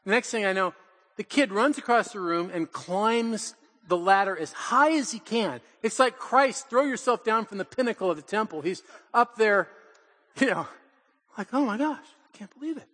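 An older man, a pastor, telling family stories in a lively sermon, acting out quotes and laughing often. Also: high-pitched, normal speed, big-room sound. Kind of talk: storytelling sermon. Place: church in Portland.

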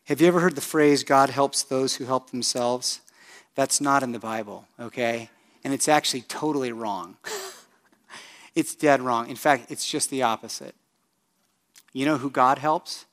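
Preaching to his congregation, a man speaking as pastor in a mid-range voice asks them questions directly. His delivery moves from quiet and slow to loud and forceful.

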